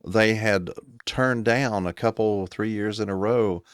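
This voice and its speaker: A man's voice: on the low side, measured pace, clean tone, no echo, studio quality. A man with an American accent co-hosting a casual chat in a laid-back, thoughtful way. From United States. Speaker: co-host.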